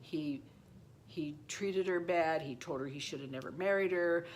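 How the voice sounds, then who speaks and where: This deep-voiced woman in her seventies talks at a normal speed, with slight noise in the background. As host of her own channel, she recounts a true personal story to camera, loosely and meanderingly, circling back with "anyway" and "you know."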